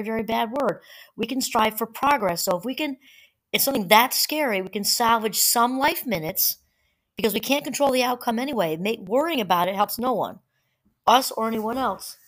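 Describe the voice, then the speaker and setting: A woman talks through mindfulness ideas in a relaxed, conversational way, breaking off for small asides and picking her thread back up. Her voice sits at an ordinary middle pitch, and she reads quoted passages in a steady tone. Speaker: podcast host. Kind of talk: casual solo talk on mindfulness. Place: home.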